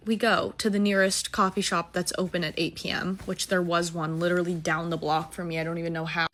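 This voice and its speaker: A woman's voice: fairly low pitch, a little fast, background noise. A woman in her twenties, a musical theater student, telling a date story in a casual, self-mocking way with lots of swearing and acted-out dialogue. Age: 20s.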